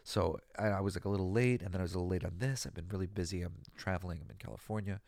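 Man, host, gravelly low voice, tired and teary, rambling casual talk, dry close sound. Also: steady tone, rapid-fire, a little mellow, dry recording. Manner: emotional, rambling, sings snatches of songs. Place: California.

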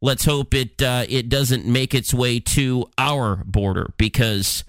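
A man's voice: medium pitch, takes it slowly, clean tone, dry recording, studio quality. A man hosting a talk show, running through news headlines with sarcastic, plain-spoken commentary and frequent fillers. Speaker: podcast host.

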